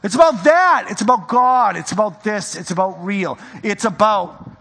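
A preacher acting out an urgent, high-pitched prophet. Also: male voice, expressive, normal speed, fairly bright tone, full character voice. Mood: pleading. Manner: urgent and insistent. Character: earnest male prophet pleading with listeners. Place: church.

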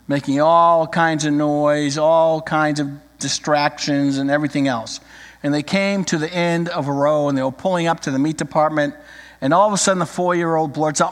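A middle-aged man preaching a sermon, emphatic and slowing down to read scripture. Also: on the high side. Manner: emphatic, drawn-out scripture reading. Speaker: pastor. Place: church sanctuary. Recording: echoey church hall.

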